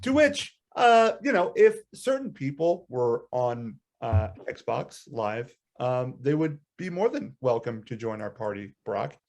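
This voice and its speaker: A man's voice: medium pitch, big pitch swings, measured pace, few pauses, a little mellow. A man co-hosting a casual chat show, rambling and teasing, swearing freely. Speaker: podcast co-host.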